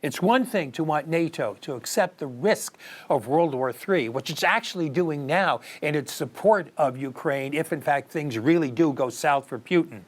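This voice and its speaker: A man's voice: on the high side, expressive, normal speed. Earnest male political commentator. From United States. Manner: earnest, rhetorical questions, emphatic rises. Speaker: news commentary host.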